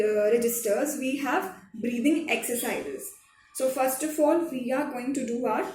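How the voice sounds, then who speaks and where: A woman, a drama teacher giving a slow, patient online lesson to children, repeating each step. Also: on the high side, darkish tone. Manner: slow, repetitive, patient instruction. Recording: echoey room, recorded from some distance, faint music behind.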